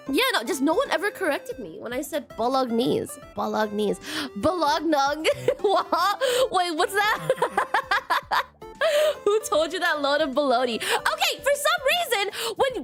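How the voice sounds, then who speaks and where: Woman streamer, casual chat, giggly, self-deprecating, bouncy animated pitch. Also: unhurried, soft background music. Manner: giggly, self-deprecating, stumbles over words.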